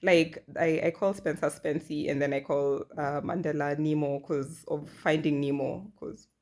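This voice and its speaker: A woman's voice: low-pitched, fairly even intonation, moderate pace, darkish tone. A woman in her thirties talking candidly in a personal vlog, chatty and self-deprecating. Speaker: vlogger.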